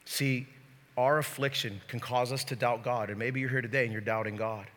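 A man's voice: mid-range voice, normal speed. A man preaching a sermon as pastor in a church, joking with the crowd and speaking to them directly. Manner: lively, joking, talks straight to the crowd. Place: church sanctuary. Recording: long hall reverb.

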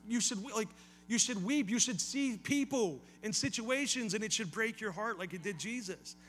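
Bright-voiced, high-pitched man preaching a sermon. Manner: conversational preaching with asides and repeated phrases, rising to emphatic calls. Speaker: pastor.

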